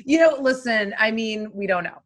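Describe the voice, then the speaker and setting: A woman's voice: on the high side, lively intonation, normal speed. A young adult woman co-hosting a podcast, gushing in casual film chat, full of fillers. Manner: gushing, filler-heavy, laughs easily. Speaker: podcast co-host.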